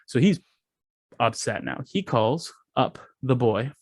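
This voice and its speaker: A young man and podcast host in casual chat, telling an animated, profane story and acting out the dialogue. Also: medium pitch, takes it slowly, slightly rough, no echo, studio quality. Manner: animated storytelling, acts out dialogue, swears freely.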